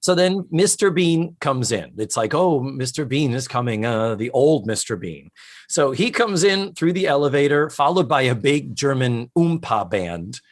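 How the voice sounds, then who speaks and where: A man co-hosting a podcast in casual chat, animatedly retelling comedy scenes and quoting lines. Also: mid-range voice. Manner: animated retelling of scenes with quick quoted voices. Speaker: podcast co-host.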